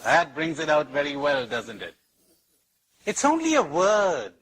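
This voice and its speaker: A man giving a spiritual talk to an audience, storytelling slowly and emphatically with lots of repetition and wide swings in pitch. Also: huge pitch swings, a bit bright, husky, rough recording. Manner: storytelling with anecdotes. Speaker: spiritual teacher.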